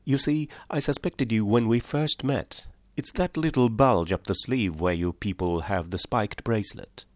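A man's voice: on the low side, normal speed, dry recording, lightly acted. A man voicing a small, mild country priest in an audiobook, speaking simply and apologetically. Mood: apologetic.

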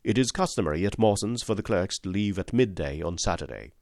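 Low-voiced man narrating a story. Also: animated, a little fast, creaky, darkish tone, no echo, studio quality. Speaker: audiobook narrator. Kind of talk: scripted narration of a detective story.

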